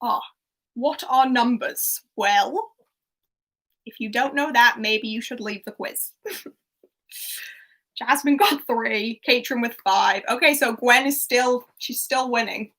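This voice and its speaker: A woman hosts a livestream quiz in a chatty, giggly way, reacting to answers as they come in. Her voice sits high and sounds bright and clear through a desktop mic. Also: slow pace, long pauses. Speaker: quiz host. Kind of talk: casual livestream chat.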